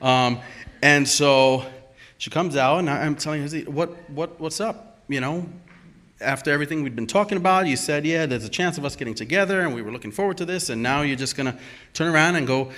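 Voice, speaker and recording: A man telling a true story at a live storytelling event, animated and emphatic, acting out the dialogue as he goes. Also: a little high, a little fast.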